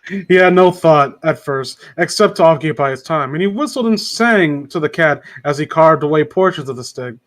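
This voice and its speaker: A man's voice: fairly high pitch, lively intonation, moderate pace. Man reading aloud, stumbling and correcting. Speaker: storyteller. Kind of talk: casual read-aloud of a classic story.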